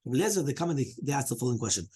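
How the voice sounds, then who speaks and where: Husky-voiced rabbi teaching a Talmud class. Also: male voice, mid-range voice, animated, rapid-fire, darkish tone. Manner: explains step by step, often checks in with "right?"; fields questions and interruptions from students.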